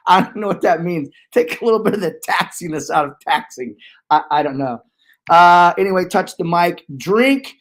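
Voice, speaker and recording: A man's voice: high-pitched, animated, moderate pace, fairly bright tone. A man in his forties hosting a podcast, loose and joking with hype-man energy. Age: 40s. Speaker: podcast host. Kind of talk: casual chat.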